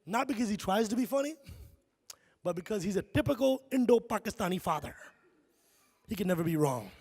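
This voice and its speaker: A man from Chicago performing animated stand-up comedy on a concert hall stage, often tossing "right?" to the crowd. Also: sits high, a little fast, husky. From Chicago, USA. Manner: animated storytelling, frequent "right?" asides.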